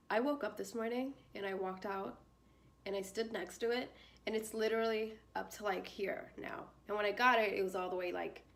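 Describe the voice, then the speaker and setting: A woman's voice: mid-range voice, gravelly, slight background noise. A young woman talking through plant care in a chatty, bubbly way, with lots of fillers and frequent laughs. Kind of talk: casual tutorial chat.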